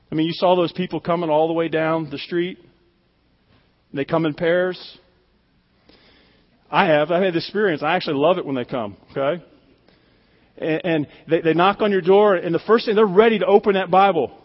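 A man's voice: high voice, in a large hall, highs cut off. A pastor delivering a conversational, emphatic sermon, often repeating his words as he speaks.

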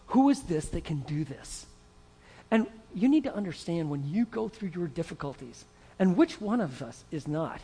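High-voiced man preaching in a hall. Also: slightly rough. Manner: animated storytelling, acting out voices. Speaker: pastor. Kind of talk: sermon.

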